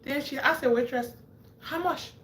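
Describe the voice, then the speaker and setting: A woman's voice: sits high, normal speed, fairly bright tone. A woman hosts a livestream and tells stories to her viewers. She laughs often and acts out what people said. The sound is roomy, with a faint hum of room noise behind her. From Africa. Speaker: livestream host. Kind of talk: animated storytelling to a live audience.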